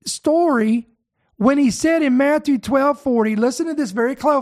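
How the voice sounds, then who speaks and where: A man preaching a sermon, reading scripture aloud and breaking in to address his listeners directly, slowing down to stress key words. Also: very high-pitched. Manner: slows to stress key words, then speeds up.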